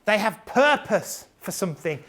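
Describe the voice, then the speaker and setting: British accent, live talk to an audience, chatty, blunt, laughs a lot, mid-pitched voice. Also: big pitch swings, moderate pace, fairly bright tone. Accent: British English. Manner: chatty, jokey, laughs often, acts out quotes; blunt, swears casually. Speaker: speaker on autism and behaviour, parent.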